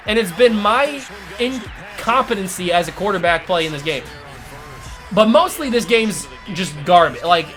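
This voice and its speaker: This is a man on a gaming channel, raging as he narrates his gameplay live. He alternates between loud outbursts and low muttering.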